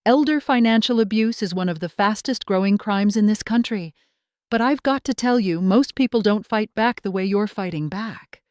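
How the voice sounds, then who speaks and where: A frank, matter-of-fact policewoman, as a woman narrator puts her on. She explains plainly in a dry, close voice of middle pitch. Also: normal speed, a little mellow, dry recording, natural voice.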